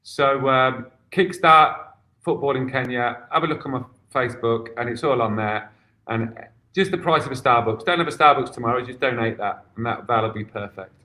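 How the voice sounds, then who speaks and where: A man's voice: medium pitch, moderate pace, sharp tone. A man, a guest football coach, talking in casual chat with a few stammered restarts.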